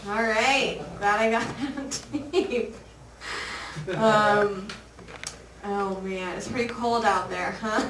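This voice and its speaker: A woman doing an open mic stand-up set, unhurried and hesitant with an offbeat manner. She sounds distant in an echoey room, with loud noise and clicks behind her. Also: on the high side. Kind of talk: stand-up comedy. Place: comedy club. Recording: echoey noisy club from afar.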